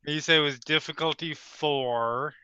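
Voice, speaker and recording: Slow-talking man playing a tabletop game. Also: a little high, steady tone, pushed and bright, clear, resonant tone, dry recording, highs cut off. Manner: menacing in character, then casual about rules. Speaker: player.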